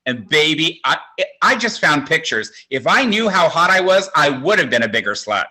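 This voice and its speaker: A man's voice: fairly high pitch, very animated, moderate pace, sharp tone, poor audio. A man in his sixties doing stand-up comedy, telling campy, self-mocking stories. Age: 60s.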